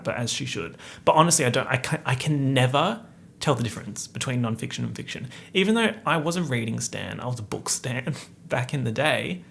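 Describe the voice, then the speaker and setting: A man's voice: mid-range voice, vocal fry, a bit bright. A young man, hosting a casual solo podcast chat full of playful slang and asides. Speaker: podcast host.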